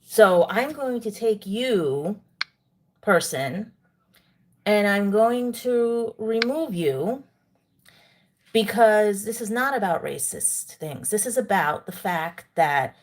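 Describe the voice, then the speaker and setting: A woman's voice: mid-range voice, expressive, slow pace. A woman hosts a livestream and talks to her chat in a lecturing, indignant way. She eats while she talks to her viewers. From New York. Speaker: livestream host. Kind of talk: live-stream commentary to chat.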